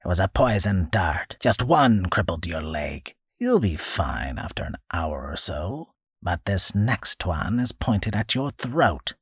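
A snarling, toothless old hermit with a cracking, hissing voice and little warmth in it, as a man narrating puts him on. He drags out his threats slowly and lets them drop low, rasping through his gums, and the reading sits close and dry. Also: big pitch swings, no room sound, heavily acted. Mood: menacing.

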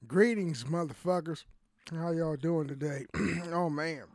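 A man's voice: fairly high pitch, measured pace, darkish tone. A man hosting a podcast at home, rambling loosely in casual chat and swearing freely. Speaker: podcast host. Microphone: studio podcast mic.

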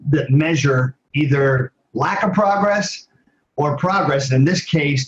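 An older man in his sixties talks as an interview guest, rambling through personal stories. His speech is full of pauses and restarts. The sound is slightly dull and muffled. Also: on the high side, slight background noise. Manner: rambling, with many fillers and restarts. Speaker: guest, former athlete and advocate. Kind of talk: casual storytelling interview.

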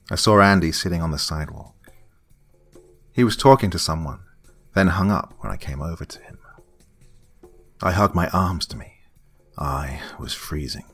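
Deep, husky male horror narrator. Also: fairly bright tone. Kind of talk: first-person horror story narration.

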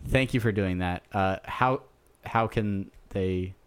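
A man with a low voice chats loosely as a podcast co-host. He jokes around and plugs the show's pages in a relaxed, easygoing way. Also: slow, clear, resonant tone. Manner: joking, relaxed plugging of the show. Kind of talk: casual podcast chat.

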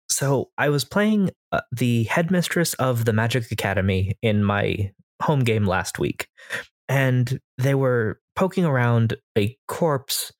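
A man's voice: medium pitch, dry recording, studio quality. An American man co-hosting a podcast as a game master, casually explaining voice tips at length. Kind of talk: casual chat.

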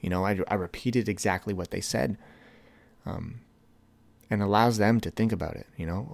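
A young man talks through his own podcast with a deep, low voice. He rambles and restarts often, and he acts out texts in a higher, excited voice. The sound is dry and close, with no room echo. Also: fairly quick, vocal fry. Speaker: podcast host. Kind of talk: casual solo podcast talk.

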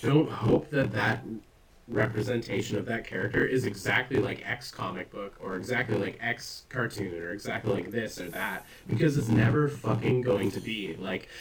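A man's voice: lowish voice, normal speed, recorded from a distance, a crowd in the background, poor audio. A man chatting casually as a podcast co-host, rambling and swearing often with self-mocking humor. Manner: rambling, profane, self-deprecating. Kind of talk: casual chat.

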